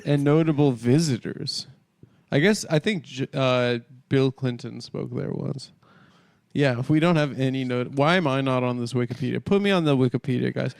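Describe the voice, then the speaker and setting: A young man hosting a casual comedy podcast, rambling and joking crudely as he tells animated stories. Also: medium pitch, moderate pace, creaky, no echo, clean studio sound. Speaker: podcast host.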